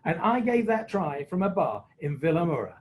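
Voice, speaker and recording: A man's voice: on the high side, very animated, moderate pace, poor audio. A man, a former rugby referee, telling jokey, self-mocking anecdotes on a video call. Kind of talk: anecdotal storytelling on a webinar.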